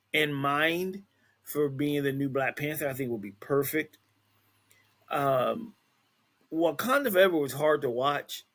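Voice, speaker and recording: Rambling podcast host, fairly high voice. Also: male voice, a bit bright. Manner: loose and rambling, with many fillers and restarts; reads news items aloud, then adds his own take. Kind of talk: casual entertainment news chat.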